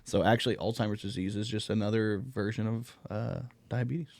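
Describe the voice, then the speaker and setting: A man's voice: lowish voice, fairly even intonation, a little fast, creaky, a little mellow, dry recording. A man in his thirties hosting a casual comedy chat, laughing often and swearing as he tells stories. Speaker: podcast host.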